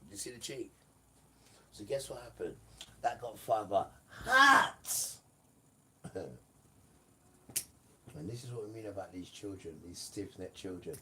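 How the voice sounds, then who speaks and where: A man preaching on a livestream in a repetitive, emphatic way, often asking the viewers "right?" and breaking into loud bursts. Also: lowish voice, brisk, distant mic, a little hiss or hum, poor audio.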